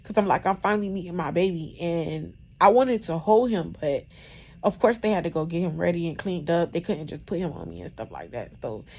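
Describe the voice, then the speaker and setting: A woman in her thirties talks straight to her viewers in a loose, chatty way, full of "like" and "bro". Her voice sits a little low for a woman. She is still sore after surgery. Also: a little fast. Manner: animated, chatty, lots of "like" and "bro". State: recovering after surgery, in discomfort. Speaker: vlogger. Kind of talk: casual storytelling to camera.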